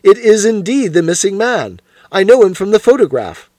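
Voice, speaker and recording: Guy doing a gruff chuckly police inspector, bouncy up and down voice, dry close sound. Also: sits high, big pitch swings, moderate pace, darkish tone, no room sound, voice pushed up. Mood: astonished. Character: jovial male police inspector, blunt and joking.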